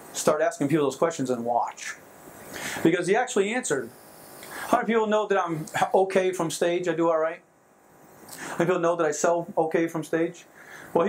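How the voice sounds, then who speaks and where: A man leading a motivational seminar in front of a live audience, excitable and quick to laugh at his own jokes. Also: a little high, rough recording. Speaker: seminar trainer.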